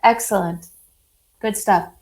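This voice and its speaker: A woman teaching a French lesson to a class, slow and deliberate, praising students often. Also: mid-range voice, steady tone, creaky, a little mellow, poor audio.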